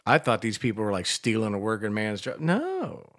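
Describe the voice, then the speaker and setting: A man's voice: fairly low pitch, fairly even intonation, fast talker, fairly bright tone, no room sound, clean studio sound. An older man co-hosting a radio show, telling rambling stories full of swearing in casual banter. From Washington, D.C. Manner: profane, rambling storyteller. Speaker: radio co-host.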